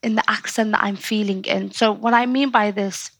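A woman with a Scouse accent talks in an animated, chatty way, moving quickly from one story to the next. She is a poet speaking as a guest in a relaxed conversation. Her voice sits in an ordinary middle range and is recorded close up in a dry space. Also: medium pitch, no room sound. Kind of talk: casual interview conversation.

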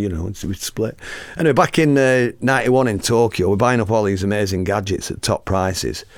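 Gravelly man telling stories. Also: on the low side, no room sound. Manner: lively, swears freely, acts out the scene. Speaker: podcast host and musician. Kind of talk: casual anecdotal storytelling.

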